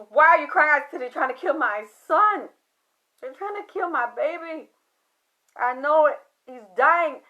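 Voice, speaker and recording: A woman's voice: high voice, highs cut off. A middle-aged woman telling a painful personal story in casual speech, dropping to whispers and rising to anguished cries. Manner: swings from hushed whispers to anguished near-shouting. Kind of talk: personal testimony.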